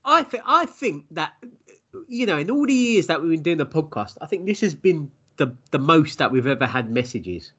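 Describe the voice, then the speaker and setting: A man's voice: fairly high pitch, very animated, normal speed, a bit bright, slightly rough, muffled recording. A man co-hosting a podcast in casual banter, dropping in wry remarks. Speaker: podcast co-host.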